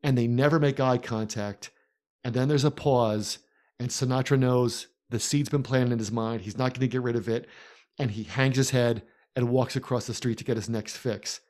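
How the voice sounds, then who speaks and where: A man co-hosting a podcast who analyzes a film in a casual way and walks through scenes in lively detail. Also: medium pitch, moderate pace. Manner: animated storyteller, recounts scenes in detail. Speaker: podcast co-host.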